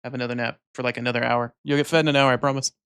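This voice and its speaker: A man streaming a video game, chatting casually into a desk microphone and cooing softly to his cat. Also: mid-range voice, level tone, racing, smooth. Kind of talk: casual live-stream chat.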